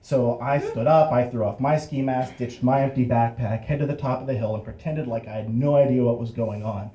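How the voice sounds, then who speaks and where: A man's voice: medium pitch, fairly quick. A young adult man telling a first-person story, acting out the voices of the people in it. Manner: animated, acts out voices in the story and laughs through it. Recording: roomy echo.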